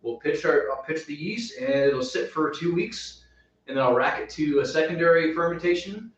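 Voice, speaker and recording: A man hosting a homebrewing show, talking through his recipe in a relaxed, rambling way. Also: fairly high pitch, moderate pace, a little hiss or hum. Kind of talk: casual chat. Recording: roomy, distant, dull sound.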